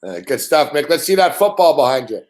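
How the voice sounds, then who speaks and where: Host, a man with a slightly high voice, relaxed, keeps the guest talking. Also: a little fast. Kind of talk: casual video call chat.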